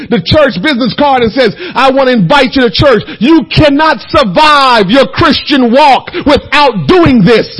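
A man preaching a fiery sermon, shouting and crying out, then dropping to a hush. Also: very high-pitched, breathy edge, rough recording. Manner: shouting, crying out, swinging from loud to hushed.

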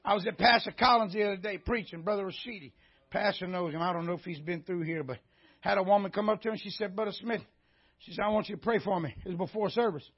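Preacher man, high raspy voice, loud shouty sermon, muffled lo-fi recording. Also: fast. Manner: animated preaching, shouting at peaks. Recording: dull lo-fi sermon audio.

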